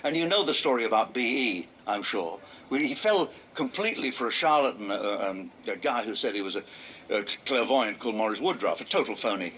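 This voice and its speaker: An older English comedian and game show host, telling wry anecdotes and dropping into low mock voices for punchlines. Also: male voice, animated, a little fast, fairly bright tone, a little hiss or hum, low-quality recording. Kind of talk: anecdotal stand-up and reminiscence.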